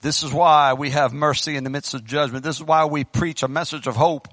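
Fervent high-voiced male preacher. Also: fairly even intonation, a little fast, no room sound. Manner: fervent preaching, swinging between loud bursts and hushed pleading. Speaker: pastor. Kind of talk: sermon. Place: church. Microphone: handheld microphone.

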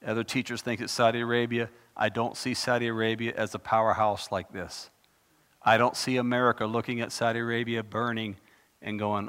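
A man's voice: mid-range voice, steady tone, moderate pace. A man preaching on scripture, reading verses with rising passion and breaking into conversational asides. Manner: impassioned, rising loud when reading scripture. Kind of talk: Bible teaching sermon. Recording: long hall reverb.

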